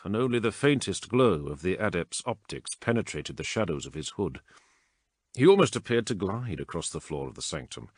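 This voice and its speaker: A man reading a science-fiction audiobook as narrator in measured, storytelling narration. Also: sits low, fairly bright tone, dry recording, studio quality. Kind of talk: scripted narration.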